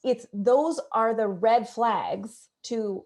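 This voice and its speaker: A woman in her forties speaks as a guest relationship specialist, lively and expressive, often slipping into little acted-out inner voices. Her voice sits a bit high for a woman. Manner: expressive, animated, quick to act out inner dialogue. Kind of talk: casual interview chat.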